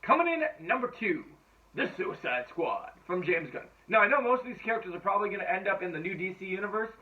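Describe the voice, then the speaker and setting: A man's voice: high voice, animated, fast talker. A man giving casual, enthusiastic movie-ranking commentary, rambling and swearing freely. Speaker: movie reviewer. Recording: tinny phone-like sound, distant from mic.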